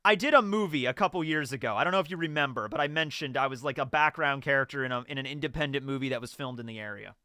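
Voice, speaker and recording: A young adult man hosting a live stream, chatting casually and excitably with frequent laughter. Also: medium pitch, very fast, hardly any pauses, no echo, clean studio sound. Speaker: streamer host.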